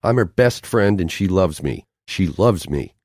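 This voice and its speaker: A fiery, stubborn young woman whose voice cracks with emotion, as a deep-voiced male narrator raises his pitch to play her. She bursts out in defiant, quick-tempered lines. The sound is dry and close. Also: very animated, a little mellow, no room sound, full character voice. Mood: fierce. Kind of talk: audiobook character voicing.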